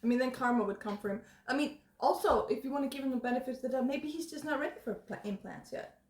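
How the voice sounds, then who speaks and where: A woman hosting a casual live stream from a kitchen, an animated, giggly storyteller. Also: sits high, fast talker, slight background noise. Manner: giggly, animated storyteller who acts out others' lines. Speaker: streamer host. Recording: echoey room, away from the mic.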